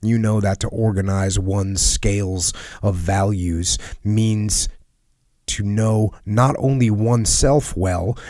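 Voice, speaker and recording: A man reading a personal letter aloud in a solemn, earnest and measured way, sometimes dropping to a hush. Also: fairly low pitch, no echo, studio quality. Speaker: reader of a letter.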